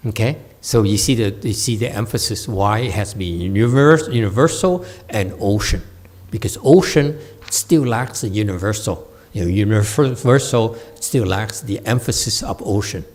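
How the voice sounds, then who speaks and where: A Buddhist teacher gives a Dharma lecture in a meditation center hall, speaking slowly and haltingly with many fillers. He often asks listeners to confirm they're following and throws in playful teasing asides to the audience. His voice is on the low side and a little mellow.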